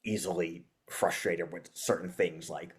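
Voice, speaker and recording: Rambling, animated man in a casual chat. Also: low-pitched, a little slow. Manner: rambling, lots of fillers, animated retelling. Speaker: guest musician.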